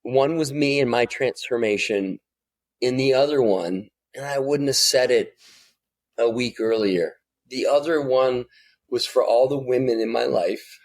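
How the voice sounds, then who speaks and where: Gravelly-voiced man telling a candid story. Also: a little slow. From United States. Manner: candid, swears freely, grows emotional and high-pitched retelling moments. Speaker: podcast guest. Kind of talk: emotional personal storytelling.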